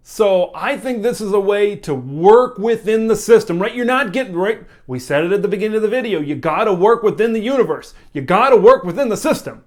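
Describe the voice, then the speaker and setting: A man's voice: high-pitched, brisk, hardly any pauses. A young man hosting a college football opinion vlog, talking casually and emphatically, hammering home his points. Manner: animated, emphatic, repeats key points.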